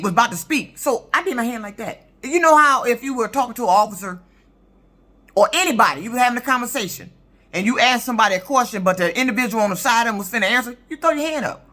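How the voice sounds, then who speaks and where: A woman's voice: a little high, animated, fast, a bit bright. A woman in her fifties, a truck driver, telling a story in an indignant, profane, emphatic rant for her vlog. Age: 50s.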